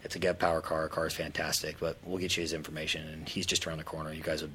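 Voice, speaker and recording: A man's voice: rumbling low, racing, slight background noise. A man who runs a parts engineering company, chatting casually and animatedly about car builds. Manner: animated, acts out quoted voices. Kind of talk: casual chat.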